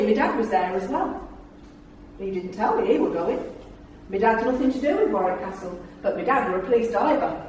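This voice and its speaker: A woman's voice: on the high side, a little hiss or hum. A middle-aged woman, giving a chatty, humorous talk to a club audience about her years as a tour guide, telling anecdotes with a theatrical flair and frequent laughter. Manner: chatty, theatrical storyteller who laughs often. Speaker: guest speaker, former tour guide. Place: club meeting room. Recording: very echoey room, voice far from mic.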